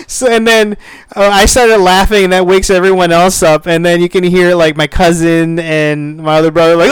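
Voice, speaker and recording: Animated, profane man in his thirties. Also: high voice, moderate pace, clean tone, no room sound. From United States. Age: 30s. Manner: animated, swears freely, acts out quoted voices. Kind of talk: casual storytelling.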